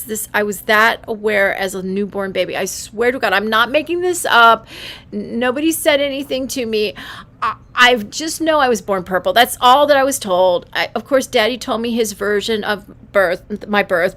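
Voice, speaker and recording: A woman hosting a livestream, talking in a casual, animated way and often restarting her sentences. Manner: animated, breaks into high squeals when quoting herself, frequent laughs and restarts. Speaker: livestream host. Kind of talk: casual monologue.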